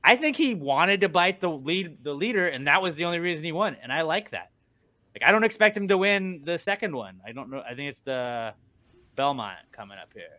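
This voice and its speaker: A man hosting a casual podcast chat, telling animated stories, swearing freely and acting out quotes. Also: a little high, a little fast, no echo. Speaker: radio morning show host.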